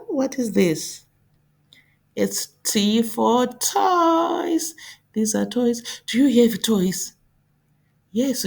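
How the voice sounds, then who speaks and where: A woman teaching a phonics lesson to young children, speaking clearly and repeating letter sounds for them to copy. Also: medium pitch, a little mellow. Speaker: English teacher.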